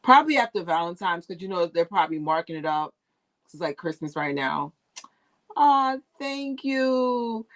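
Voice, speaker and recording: A woman hosting a casual fan news livestream, chatty and animated, laughing often, recorded on a tablet's built-in mic. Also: sits low, a little fast. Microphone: tablet used as camera.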